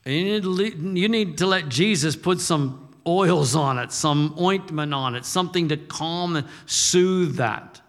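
A man's voice: on the high side, unhurried, few pauses, big-room sound. An older man preaching a sermon as a pastor, moving between fired-up exhortation and folksy storytelling.

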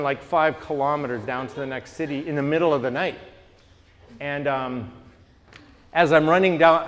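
A man from Canada leading a group teaching discussion, telling stories with lively restarts. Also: on the high side, big-room sound. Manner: animated storyteller, frequent restarts.

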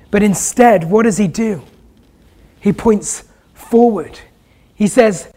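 A preacher delivering an earnest, gentle sermon and asking the listeners rhetorical questions. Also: medium pitch, takes it slowly, long pauses.

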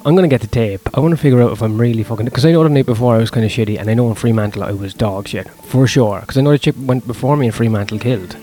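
Comedian guy rambling about his gigs, sweary and self-mocking, middle pitch. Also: rapid-fire, few pauses, mellow. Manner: profane, self-deprecating, rambling. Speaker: stand-up comedian. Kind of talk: casual vlog monologue.

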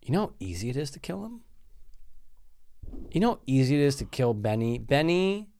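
Smooth-voiced casual man. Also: medium pitch, a little fast. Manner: relaxed, conversational, swearing. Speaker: podcast co-host reviewing a film. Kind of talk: casual chat.

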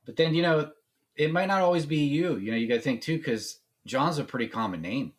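A man co-hosting a podcast, chatting in a relaxed, agreeable and joking way. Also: on the high side, brisk. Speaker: podcast co-host. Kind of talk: casual chat.

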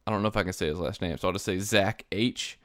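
Low-voiced man, casual podcast co-host. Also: fast talker, no room sound, clean studio sound. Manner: animated, laughs often, mimics voices. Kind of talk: casual chat.

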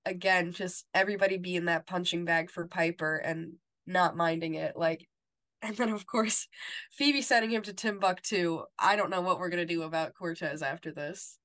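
A young woman with a lowish voice chats casually on a podcast. She retells scenes at length, quoting the characters' lines in a soft, flat read. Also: normal speed. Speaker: podcast co-host. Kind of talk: casual chat recapping a TV episode.

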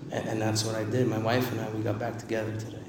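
A man's voice: lowish voice, monotone, quick pace, background noise. A man giving an emphatic, conversational personal testimony at a recovery meeting, repeating words for emphasis. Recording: echoey hall, distant mic, faint ambience.

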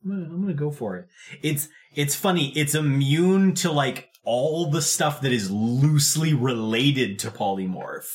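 A man's voice: fairly high pitch, animated, moderate pace. A man running a tabletop role-playing game as game master, narrating loosely with frequent laughs and restarts.

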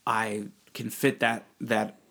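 Gravelly, pushed and bright, this man's fairly low voice moves slowly with a flat delivery. He's an adult with young kids, co-hosting a casual podcast chat as both co-host and client, joking and spinning long personal anecdotes.

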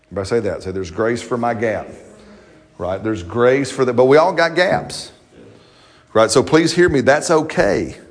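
A middle-aged male pastor preaching a sermon in a conversational, joking way, often checking in with the congregation. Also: medium pitch. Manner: conversational, jokey, repeats and restarts, asks the congregation questions.

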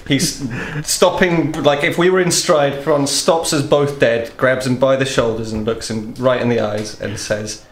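A young man playing a tabletop role-playing game, describing his character's actions in a lively way and laughing often. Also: mid-range voice, unhurried, few pauses, a little hiss or hum. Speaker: player. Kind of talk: tabletop role-play narration. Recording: echoey room with voices.

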